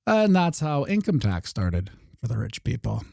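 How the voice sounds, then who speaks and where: A man hosting a casual commentary monologue, sarcastic, often acting out mock dialogues in quick changes of voice. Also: mid-range voice, big pitch swings, gravelly, mellow, no room sound, clean studio sound. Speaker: host.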